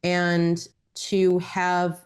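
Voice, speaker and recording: A woman reading Akashic records for a client, talking in a gentle, reassuring, measured way. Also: on the low side, completely flat delivery. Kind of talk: spiritual guidance session.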